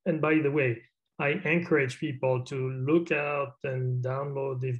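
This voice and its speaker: A man leads an online meeting, speaking at an even, middle pitch. His manner is easygoing and chatty, loosened by small fillers and restarts. The voice comes through a video call. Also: unhurried, lo-fi sound. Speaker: meeting chair. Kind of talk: casual meeting talk.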